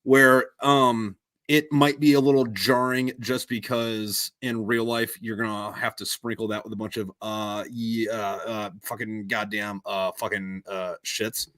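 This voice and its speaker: A man with a fairly low voice, recorded dry and close with no room sound. He talks in a halting, filler-heavy way, swearing freely. It is a relaxed podcast chat. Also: no room sound. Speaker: podcast host and audiobook narrator.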